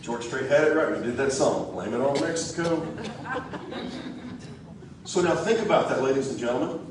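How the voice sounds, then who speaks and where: A man's voice: medium pitch, expressive, moderate pace. A man giving a folksy, joking, rousing campaign speech to a crowd in a church hall. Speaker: political candidate. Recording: echoey hall, distant mic.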